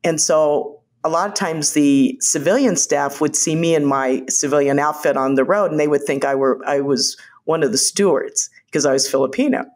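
Older woman guest, storyteller, lively anecdotes with quick quoted voices. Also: sits low. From United States. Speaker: guest, former White House physician. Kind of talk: conversational storytelling.

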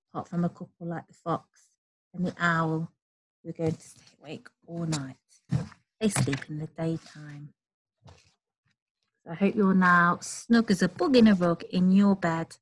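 A woman reading a children's bedtime story aloud, gentle and slow, with high, playful animal noises. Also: a little hiss or hum.

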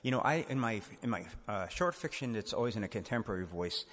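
A man's voice: fairly low pitch, animated, fast talker, a bit bright. A male author answering audience questions at a book event in a church, thoughtful and wry, often poking fun at himself. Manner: thoughtful, wry, self-deprecating. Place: church used as event hall. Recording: echoey hall reverb.

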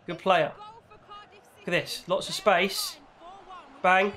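A man commentating on his own football video game, reacting loudly and shouting at goals and the referee. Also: high-pitched, wildly swooping pitch, slow. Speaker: gaming YouTuber. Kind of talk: excitable gameplay commentary.

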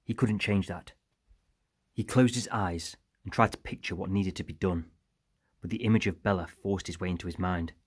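Deep-voiced male audiobook narrator. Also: moderate pace, breathy edge, no echo, studio quality. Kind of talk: scripted narration.

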